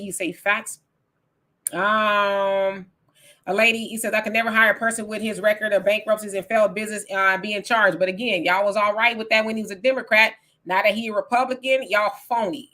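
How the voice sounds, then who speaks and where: Woman host for a live call-in style stream, bright, emphatic, casual. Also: mid-range voice. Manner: reads viewer comments aloud, then argues back in casual, emphatic speech. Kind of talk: live political talk stream.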